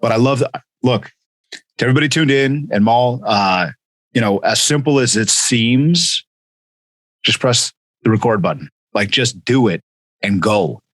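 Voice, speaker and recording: A male podcast host chats casually with a guest, a mid-pitched voice on a dry, close recording. He tells stories with energy and slips into quoted voices as he goes. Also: unhurried, pauses often, no room sound. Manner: animated storyteller, acts out quotes. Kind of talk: casual interview chat.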